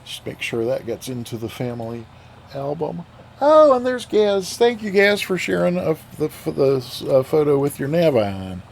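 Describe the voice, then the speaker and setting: A man's voice: on the high side, big pitch swings, normal speed, vocal fry. A man streaming a flight sim, chatting casually with viewers, rambling with fillers and restarts. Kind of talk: casual live-stream chat.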